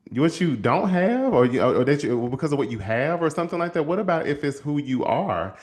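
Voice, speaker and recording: Animated man telling a heartfelt story. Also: fairly high pitch, a little fast, few pauses. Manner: animated storyteller, acts out quoted voices; addresses listeners as y'all. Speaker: host and counselor. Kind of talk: motivational storytelling.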